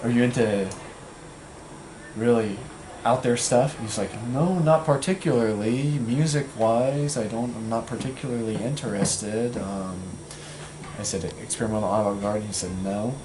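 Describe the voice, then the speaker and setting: A man's voice: on the low side, fairly even intonation, moderate pace. A young man casually telling a long story, full of fillers and acted-out quotes. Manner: rambling, full of fillers, acts out quoted voices. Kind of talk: casual anecdote. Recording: echoey room with loud background noise.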